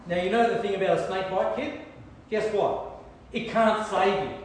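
A man preaching a sermon, telling stories with lively humor and dropping to soft, hushed emphasis. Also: high-pitched, normal speed, slight background noise. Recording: echoey hall, distant mic.

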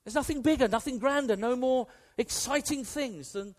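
A British man preaching a sermon with a British accent, in an animated, conversational way that swings from hushed to emphatic. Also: very high voice, normal speed. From Britain.

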